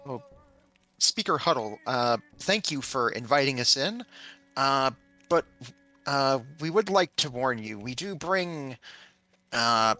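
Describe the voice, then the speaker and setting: A man's voice: mid-range voice, animated, takes it slowly, long pauses, sharp tone, faint music behind, rough recording. A man playing a tabletop game, speaking politely in character with some hesitation. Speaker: player.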